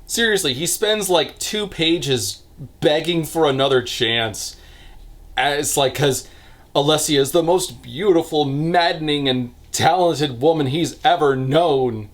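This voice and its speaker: A man hosting a casual book review, talking through the plot with sarcastic, deadpan asides. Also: on the high side, unhurried.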